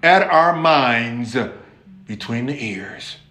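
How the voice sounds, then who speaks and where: A man preaching a lively sermon, talking straight to his listeners in a casual, conversational way. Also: mid-range voice, drawn-out words, reverberant. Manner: animated, conversational, addresses listeners directly.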